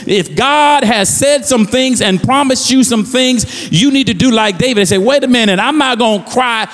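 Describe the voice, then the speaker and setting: A man's voice: very high voice, normal speed, fairly bright tone, big-room sound. A man preaching a fervent sermon as pastor, repeating phrases and building with rising calls to the congregation.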